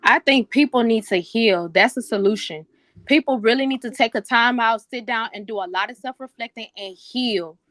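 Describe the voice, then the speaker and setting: A woman's voice: fairly high pitch, normal speed, a bit bright, no room sound. A woman co-hosting a podcast, speaking in an earnest, emphatic and heartfelt way in casual debate. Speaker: podcast co-host.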